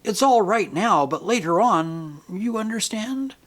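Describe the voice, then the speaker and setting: Furtive, uneasy bus passenger, hushed and lively in pitch, read by a male narrator. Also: a little slow. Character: furtive, fearful man whispering on a bus. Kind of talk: audiobook character reading.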